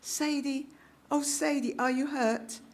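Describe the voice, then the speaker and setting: A woman's voice: medium pitch, expressive, takes it slowly, creaky. A woman voicing a frail, bent, very old cat lady with a scratchy, crackly voice, who keeps calling a child's name. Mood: anxious. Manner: calls the child's name over and over.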